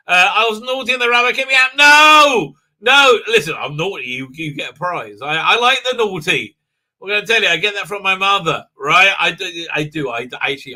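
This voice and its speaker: Speaking in a high, bright, forceful voice, a man hosts a laid-back live stream. He wanders from point to point, restarting sentences, leaning on fillers and breaking into frequent laughter.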